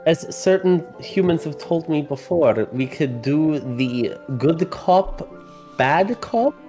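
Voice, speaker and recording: A player doing a slow, earnest adventurer. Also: mid-range voice, expressive, mellow, faint music behind. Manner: speaks of self in third person, broken grammar. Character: earnest adventurer with ears, broken speech.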